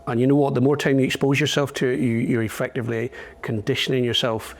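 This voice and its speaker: Middle-aged british guy, calm and steady, explains stuff patiently, medium pitch. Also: fast. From Britain. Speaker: guest, veteran and trainer. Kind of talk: casual interview.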